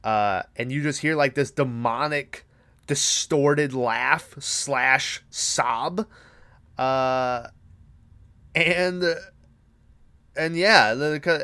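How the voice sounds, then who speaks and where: A man's voice: medium pitch, fairly bright tone. Man, podcast host, casual movie recap, rambling, swears a lot, lots of ums and likes. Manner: rambling, profane, many fillers.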